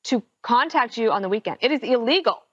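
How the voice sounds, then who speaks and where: A woman on a TV panel making a brisk, opinionated argument. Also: fairly high pitch, animated. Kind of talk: broadcast panel commentary. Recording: dry, dull TV clip audio.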